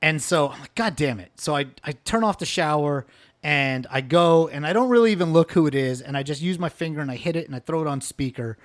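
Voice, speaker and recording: A man's voice: on the high side, quick pace. A man hosting a casual comedy podcast, telling a story animatedly with constant swearing and "dude". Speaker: podcast host.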